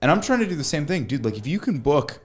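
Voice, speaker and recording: A man's voice: a little high, big pitch swings, quick pace. A man hosting a casual podcast, a stand-up comic who tells stories with lots of swearing and "dude," a bit tipsy from drinking. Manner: profane, storytelling, says "dude" a lot.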